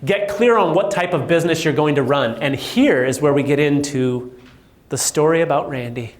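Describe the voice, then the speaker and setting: A man coaching real estate agents, telling stories with animated quoted voices. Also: a little high, moderate pace, reverberant. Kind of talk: motivational talk to agents.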